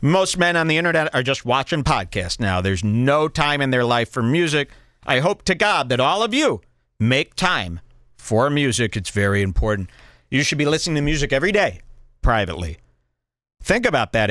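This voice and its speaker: A man's voice: medium pitch, big pitch swings, normal speed, a bit bright, dry recording. A man hosting a podcast, rambling through opinionated, emphatic casual chat. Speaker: podcast host. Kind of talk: casual chat, movie review.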